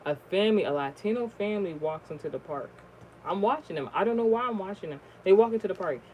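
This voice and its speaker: This storyteller talks casually and rambles, stacking fillers and false starts and cursing freely. The pitch swings widely, shooting up sharply whenever the story gets dramatic. A faint hiss of noise sits under the voice. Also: animated, quick pace, muffled recording. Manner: rambling, profane, many fillers and restarts; voice jumps high and loud at shocking moments. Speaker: storyteller vlogger.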